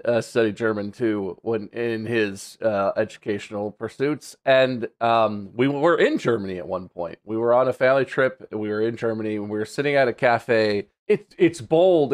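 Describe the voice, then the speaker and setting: An American man co-hosting a podcast, telling a lively anecdote in casual chat and laughing at his own story. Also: mid-range voice. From United States. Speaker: podcast co-host.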